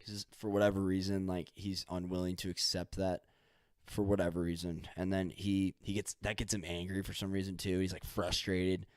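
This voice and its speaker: Rambling, low-voiced male podcaster. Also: little pitch movement, moderate pace, darkish tone, no echo, studio quality. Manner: loose, rambling, swears casually, improvises stories. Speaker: podcast host. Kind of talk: rambling solo podcast monologue.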